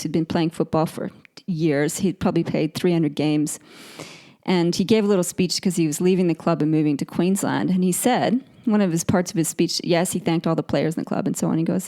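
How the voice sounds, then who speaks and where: Australian woman podcast host, middle-aged, mellow tone, earnest storyteller. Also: on the low side. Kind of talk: motivational podcast monologue.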